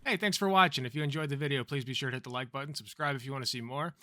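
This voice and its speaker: A man, the channel host, reading a video outro in quick, upbeat sign-off patter. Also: medium pitch, sharp tone, dry recording.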